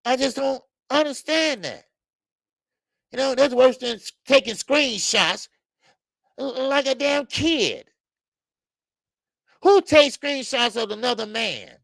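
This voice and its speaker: A man hosting a boxing live stream, reading viewer comments and ranting in an animated way, with many stammered fillers. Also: extremely high pitch, slow, creaky, pauses often, no room sound. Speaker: boxing channel host.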